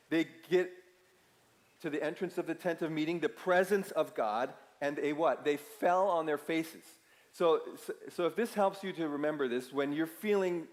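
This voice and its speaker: Man preaching in a reverberant hall. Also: a little high. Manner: conversational, asks the audience questions, emphatic bursts. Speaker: pastor. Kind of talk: sermon. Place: church sanctuary.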